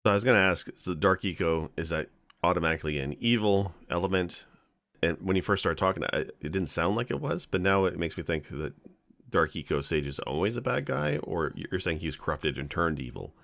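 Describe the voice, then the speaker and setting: Deep, gravelly man in casual chat. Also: lively intonation, brisk, a bit bright, dry recording, studio quality. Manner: laughs often, reacts with surprise. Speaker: podcast co-host.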